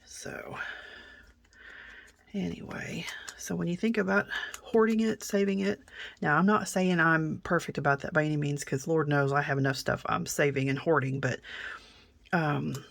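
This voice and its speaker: A middle-aged woman hosting a craft tutorial, telling rambling stories while she works, often dropping to a soft near-whisper. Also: sits low, steady tone, normal speed, vocal fry, pauses often. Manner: chatty, rambling, many fillers and restarts. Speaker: craft channel host.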